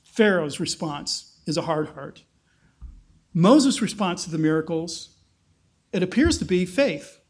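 A man's voice: on the high side, animated, a little slow, pauses often, slightly rough. A man preaching a conversational Bible-teaching sermon, explaining and acting out quotes.

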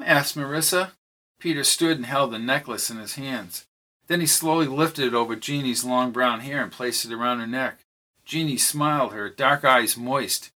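A man's voice: normal speed, pushed and bright. A man reading a novel aloud as narrator, raising his voice for the characters' lines. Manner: reads dialogue with lifted pitch for characters. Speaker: audiobook narrator.

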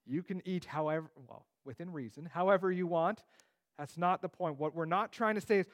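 A man's voice: high voice, a little fast. A man teaching through a Bible passage in a conversational way, with joking asides.

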